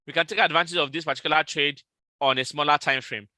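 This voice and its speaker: Bright-voiced man calling trades live. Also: fairly high pitch, steady tone, dry recording. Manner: repetitive, calls out trade levels slowly and repeats them. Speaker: live trading host. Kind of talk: live market analysis stream.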